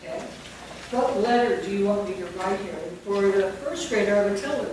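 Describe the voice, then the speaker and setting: A woman's voice: medium pitch, moderate pace, a little mellow. Female workshop instructor, quizzing and dictating; distant mic, echoey room, noisy. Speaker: teacher trainer. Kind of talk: teacher training workshop. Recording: very echoey room from far off, with noise.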